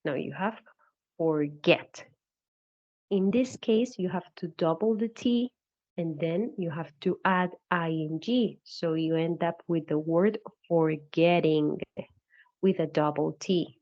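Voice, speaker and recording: A woman narrating an English spelling lesson, slowly and carefully repeating each example. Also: lowish voice, a little mellow, lo-fi sound. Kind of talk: recorded English grammar explanation.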